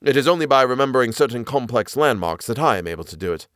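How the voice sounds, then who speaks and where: A man voicing an eager, knowledgeable naturalist man who explains the moor with lively enthusiasm. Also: mid-range voice, quick pace, dry recording, studio quality, lightly acted. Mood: warning.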